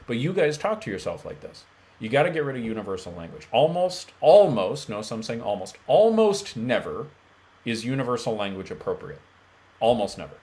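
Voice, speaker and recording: A man's voice: lowish voice, animated, fast talker. A man speaking as a mental health coach, talking bluntly and emphatically straight to his viewers. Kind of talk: direct-to-camera coaching talk.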